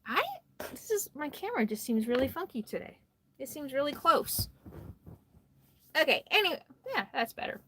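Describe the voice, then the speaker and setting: A woman's voice: sits high, very animated, moderate pace, pauses often, a bit bright, a little hiss or hum. A tired woman hosting a casual RV livestream from her phone, chatty, greeting viewers by name and laughing often. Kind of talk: casual live stream chat. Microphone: phone held close.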